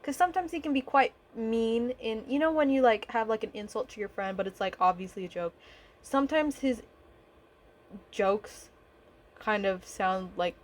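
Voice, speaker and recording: Rambling young woman, slightly high voice. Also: moderate pace. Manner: rambling, swearing, lots of fillers. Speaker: vlogger. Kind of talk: casual chat over painting footage.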